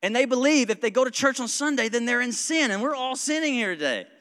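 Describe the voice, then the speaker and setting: A male pastor preaching a sermon in a church, conversational and joking, with quick asides, frequent chuckles and a self-described smart-aleck streak. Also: very high-pitched, lively intonation, bright, forceful tone. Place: church sanctuary. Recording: long reverb of a church hall.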